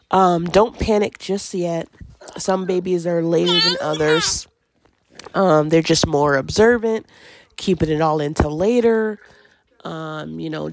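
A woman's voice: fairly low pitch, gravelly, a little mellow, no echo. A woman hosting a casual parenting podcast, chatting loosely with many fillers and laughs while at home with her toddler. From Washington. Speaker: podcast host.

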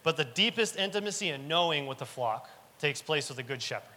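A man's voice: on the high side, animated, brisk, sharp tone. A man preaching a sermon in earnest, repeating key lines for emphasis. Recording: long reverb of a large hall.

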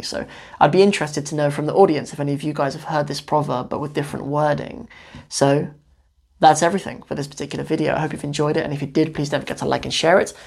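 Low, gravelly woman teaching a language. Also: a little mellow. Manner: patient, breaks words down slowly. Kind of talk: explanatory language lesson.

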